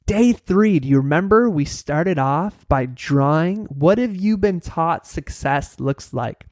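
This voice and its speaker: A man's voice: a little high, animated, slow pace, a little mellow, no echo, studio quality. A man hosting a motivational class, talking in an upbeat, playful and encouraging way. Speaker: workshop host.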